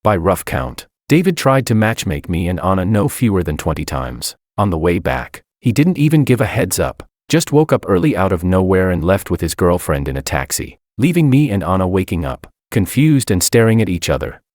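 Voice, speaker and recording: A man narrates a first-person story with an even, wry delivery. His voice is deep yet moves in a lively way, recorded close and dry. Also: moderate pace, hardly any pauses, dry recording.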